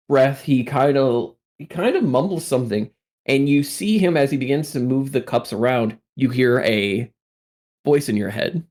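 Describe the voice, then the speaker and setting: A man's voice: medium pitch, a little mellow. A man running a tabletop game as game master, narrating loosely with many fillers.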